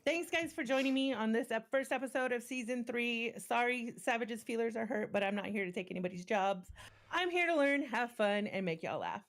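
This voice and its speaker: A woman's voice: fairly high pitch, expressive, brisk. A woman streamer talking bluntly and profanely in a casual reaction stream.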